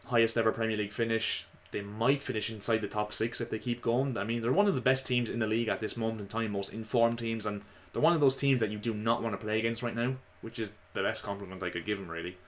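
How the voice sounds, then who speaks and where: A man giving casual, opinionated football commentary to his viewers, slightly hoarse. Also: lowish voice, fairly even intonation, quick pace, hardly any pauses. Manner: chatty, opinionated, addresses viewers as lads. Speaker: football vlogger.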